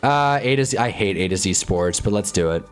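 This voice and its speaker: A man's voice: fairly low pitch, lively intonation, a little fast. Dude ranting on his stream, sarcastic, rambly, faint music behind him. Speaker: livestream host. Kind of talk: casual live-stream chat reacting to football.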